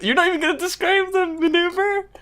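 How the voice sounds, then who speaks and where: A man's voice: extremely high pitch, fairly even intonation, a little fast, background noise. A man co-hosting a podcast, joking and bantering through an improvised scene. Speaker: podcast co-host. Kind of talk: casual comedy chat.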